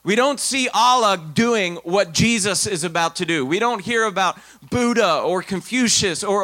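A married man preaching a sermon in a conversational way, with sudden loud bursts of emphasis. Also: high-pitched, no echo. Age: adult, married. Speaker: pastor.

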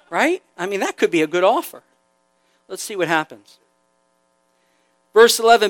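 Guy preaching to teens, high voice, loose and jokey, super dry close sound. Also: moderate pace, pauses often, no echo. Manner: conversational, joking, animated preaching. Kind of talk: sermon.

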